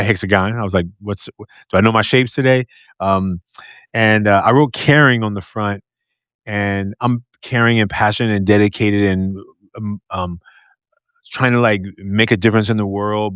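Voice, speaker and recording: Loud, deep-voiced male podcast host. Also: clear, resonant tone, no room sound, studio quality. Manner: animated and expressive, laughs often. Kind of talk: casual conversational interview.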